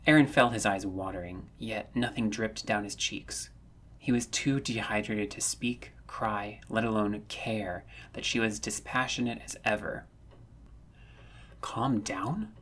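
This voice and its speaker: A man narrating a fan-written story, reading in a measured, earnest way that rises when the tension builds. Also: fairly low pitch, fairly even intonation, fairly bright tone. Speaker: audiobook narrator.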